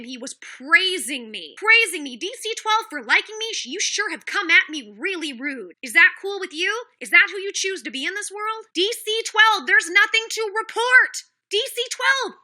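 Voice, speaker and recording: A woman's voice: extremely high pitch, pushed and bright. A woman livestreaming a heated, profane rant, defending herself and calling out chat commenters by name.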